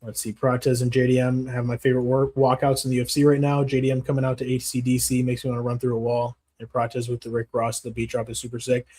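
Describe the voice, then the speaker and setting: A man's voice: medium pitch, completely flat delivery, fast talker, hardly any pauses, darkish tone. A man hosting a casual livestream, answering chat in a profane, rambling, slangy way. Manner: profane, rambling, slangy, calls viewers bro. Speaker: MMA channel host reading live chat.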